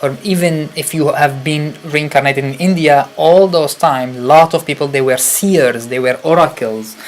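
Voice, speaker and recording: Low-voiced Arabic-speaking woman, enthusiastic. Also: normal speed, a little hiss or hum. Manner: enthusiastic, emphatic repetitions, non-native phrasing. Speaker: retreat co-host. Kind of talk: casual spiritual talk.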